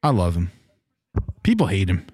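A man co-hosting a sports podcast, excitable and profane, pleading and arguing in casual chat. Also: low-pitched, normal speed, breathy edge, no echo, clean studio sound. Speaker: podcast co-host. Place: garage.

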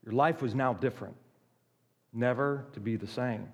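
A man preaching a sermon, emphatic, with dramatic pauses and acted-out quotes. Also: medium pitch, big-room sound.

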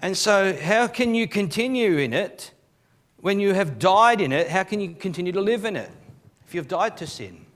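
A man's voice: high-pitched, animated, normal speed. A man preaching a live church sermon as pastor, reading scripture aloud and explaining it, sometimes repeating words as he starts a sentence. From Australia.

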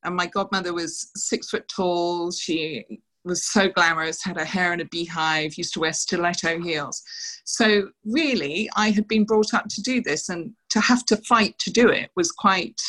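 Middle-aged woman, interview guest, animated storyteller, slightly low and crisp. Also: low-quality recording. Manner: animated anecdotes, quoting others with laughs. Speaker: interview guest, former showgirl dancer.

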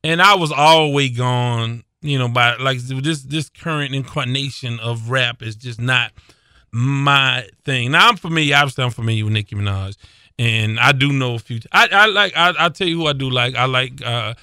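A middle-aged man hosting a casual sports podcast, animated and self-deprecating, laughing often as he talks. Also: mid-range voice, normal speed, clean tone, dry recording, clean studio sound. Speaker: podcast host.

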